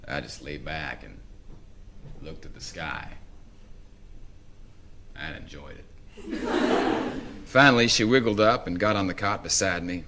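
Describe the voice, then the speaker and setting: A man with a Southern US accent giving a live dramatic reading of a first-person story in a slow, wry drawl. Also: low voice, background noise. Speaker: reader.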